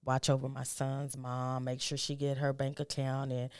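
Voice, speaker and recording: A woman's voice: completely flat delivery, moderate pace, darkish tone, clear, resonant tone, no echo, studio quality. A middle-aged woman, a guest, telling a personal story and acting out the dialogue in it, her voice rising with emotion. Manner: emotional, acts out quoted dialogue with rising pitch.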